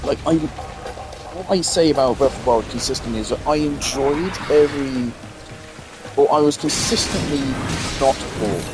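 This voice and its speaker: A tired young man narrates his own gameplay in a loose, opinionated ramble that often sinks into quiet mumbles. His voice sits at an ordinary middle pitch, and game music plays clearly behind him. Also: moderate pace. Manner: chatty and opinionated, trailing off into mumbles. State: tired, yawning. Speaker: gaming streamer. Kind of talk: casual let's-play commentary.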